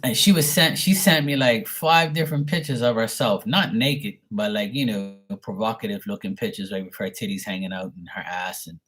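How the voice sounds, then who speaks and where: A man's voice: lowish voice, moderate pace, few pauses, a bit bright. A man, a show host telling a story in a blunt, profane and amused way. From Bermuda. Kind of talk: casual storytelling.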